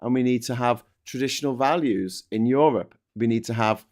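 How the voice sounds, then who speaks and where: A man's voice: medium pitch, moderate pace, a little mellow. Sweary sarcastic man chatting. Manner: sweary, sarcastic, acts out mocking voices. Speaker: podcast host. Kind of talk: casual political chat.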